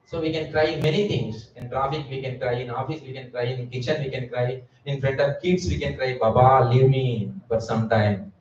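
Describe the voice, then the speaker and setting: A man's voice: mid-range voice, fairly even intonation, fairly quick, hardly any pauses, a little mellow, a little hiss or hum. A man giving a Sunday sermon at a temple, asking his listeners rhetorical questions. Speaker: preacher. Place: temple hall. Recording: echoey hall, distant mic, dull sound.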